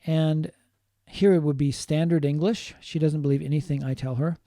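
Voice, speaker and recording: A man giving a linguistics lecture, explaining slowly, repeating key points and adding short Japanese glosses. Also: on the high side, fairly even intonation, dark tone, no room sound, clean studio sound. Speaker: linguistics teacher. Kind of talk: online lecture.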